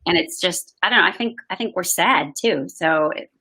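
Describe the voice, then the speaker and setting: A woman who serves as a pastor, talking earnestly in a casual chat. Her voice is lowish and bright, with a gravelly edge. She speaks in a soft, heartfelt way. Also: normal speed, low-quality recording. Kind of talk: casual conversation.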